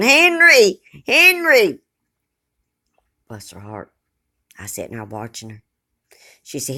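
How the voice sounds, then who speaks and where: A woman's voice: rumbling low, a little mellow. An older woman, telling a personal story in a chatty, folksy way with dramatic asides.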